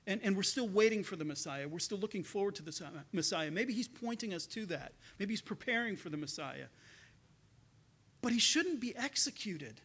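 A troubled male disciple thinks aloud, his fairly high voice stumbling and circling back over the same words as he searches, voiced by a preacher in a sermon. He sounds confused, caught between doubt and hope. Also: animated, a bit bright, husky, exaggerated voice. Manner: halting, repeating words as he searches.

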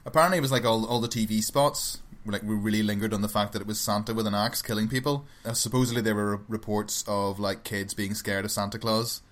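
A man's voice: fairly low pitch, quick pace, hardly any pauses. A man co-hosting a casual podcast about films, telling stories in a loose, chatty way. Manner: chatty, relaxed storytelling with fillers. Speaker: podcast co-host. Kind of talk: casual film chat.

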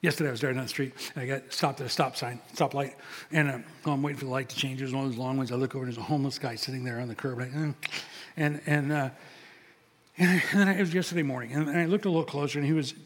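An older man gives a sermon as pastor in a church sanctuary, talking very fast in a mid-range voice with fairly even intonation. He keeps it conversational, telling stories and playing out snippets of dialogue, all under the long reverb of a big hall.

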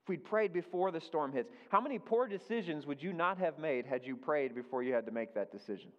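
A man's voice: a little high, animated, a little fast. A man pastor giving a conversational sermon, repeating his key phrases for emphasis. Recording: dull lo-fi sound with long hall reverb.

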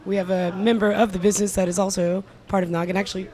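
A woman's voice: mid-range voice, little pitch movement, fast, a crowd in the background. A young woman from Louisiana, a band singer chatting in an interview, playful and hesitant with lots of fillers. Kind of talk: casual interview chat.

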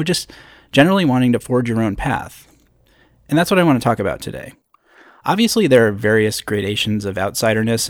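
A man's voice: medium pitch, no room sound, clean studio sound. A man in his thirties from upstate New York, hosting a solo podcast from a hotel room on a podcast microphone with a pop screen, talking in a conversational way with self-deprecating asides. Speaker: podcast host.

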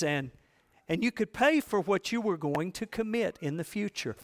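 A man preaching a history sermon, telling stories with swings between loud drama and low emphasis and asking the congregation questions. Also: expressive, normal speed. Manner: asks the congregation rhetorical questions. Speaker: preacher teaching church history.

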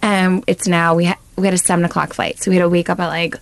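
Fast-talking gravelly-voiced woman co-host. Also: on the low side, level tone. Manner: chatty storyteller, quick restarts. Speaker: podcast co-host. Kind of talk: casual chat.

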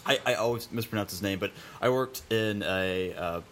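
A man hosting a casual interview, telling a story in a halting, rambling way. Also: fairly low pitch, a bit bright, slight background noise. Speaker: podcast host. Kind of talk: casual chat.

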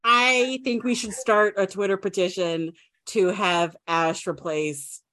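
A woman's voice: mid-range voice, fairly even intonation, slow pace, a bit bright, no room sound. A woman co-hosting a podcast, playful and giggly in casual chat. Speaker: podcast co-host.

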